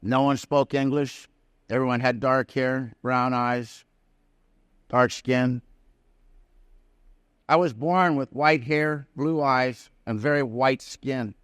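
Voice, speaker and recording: Man, recovery speaker. Plain-spoken, folksy storyteller with a smooth, resonant voice. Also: mid-range voice, fairly even intonation, slow, long pauses, a bit bright, dry recording, clean studio sound. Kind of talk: personal recovery story told to a live audience. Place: prison hall.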